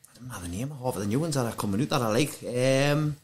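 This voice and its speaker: A man's voice: medium pitch, quick pace, very noisy. Hesitant man. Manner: rambling, hesitant, many fillers. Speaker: rave MC, podcast guest. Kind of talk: casual podcast chat.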